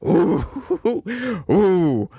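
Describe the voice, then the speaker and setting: A man's voice: high-pitched, very animated, extremely slow, mellow, husky, no room sound. Guy mocking the news, laughs a lot, says y'all, dry close mic. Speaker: political commentary host. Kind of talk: reaction commentary.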